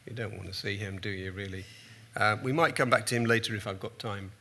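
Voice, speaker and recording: A man's voice: on the low side, brisk, bright, forceful tone. A man in his sixties giving a conference talk as a journalist and keynote speaker, telling rambling, self-deprecating anecdotes with frequent restarts.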